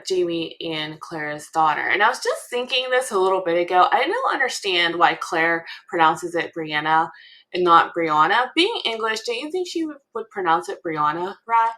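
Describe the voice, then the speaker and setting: Slow, bright-voiced woman chatting as a fan. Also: fairly low pitch. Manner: chatty, thinking aloud with frequent ums and laughs. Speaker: podcast co-host. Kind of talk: casual fan analysis chat.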